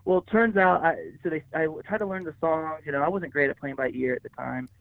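Gravelly man on a tinny line. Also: on the high side, steady tone, fast, no echo. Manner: rambling, many fillers and restarts, acts out quoted speech. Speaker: guest musician, pianist. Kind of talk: conversational storytelling interview. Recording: tinny phone-like line, dry.

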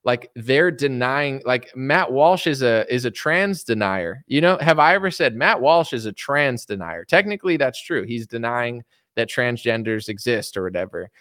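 A man's voice: medium pitch, normal speed, a bit bright, no echo, clean studio sound. A man giving a casual opinion monologue, rambling with constant fillers. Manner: rambling, heavy use of filler "like". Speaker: political commentator.

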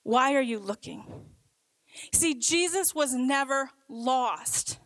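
A woman preaching a sermon, earnest and emphatic, slowing down to stress her points. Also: sits high, animated, fairly bright tone, no echo, poor audio.

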